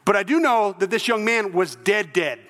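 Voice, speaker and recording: A male pastor preaching a sermon, animated and throwing in joking asides. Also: sits high, normal speed, big-room sound.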